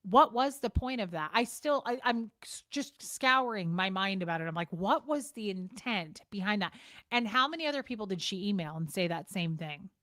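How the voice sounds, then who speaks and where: A woman's voice: medium pitch, expressive, moderate pace, fairly bright tone, no room sound, clean studio sound. A woman vlogger ranting frankly and with exasperation, swearing and repeating herself as she talks to the camera. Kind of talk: casual talking-to-camera rant.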